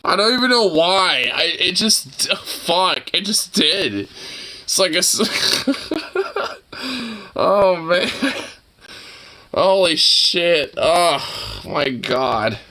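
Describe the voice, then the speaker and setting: A man's voice: high voice, sing-song, drawn-out words, long pauses, pushed and bright. A young man in a casual reaction video, laughing helplessly and teary-eyed, swearing between fits of giggles.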